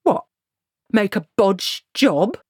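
A woman voicing a fussy, evasive male dwarf craftsman who talks slowly and deliberately. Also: low-pitched, very animated, no echo, clean studio sound. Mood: indignant. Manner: slow, deliberate, pondering.

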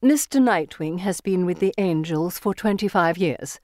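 A severe middle-aged headmistress speaks in clipped, subdued phrases, as a woman narrator gives her voice. The delivery is quiet and restrained, read for an audiobook. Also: lowish voice, expressive, moderate pace, dry recording, studio quality, natural voice. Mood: sorrowful. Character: stern middle-aged headmistress, wistful widow.

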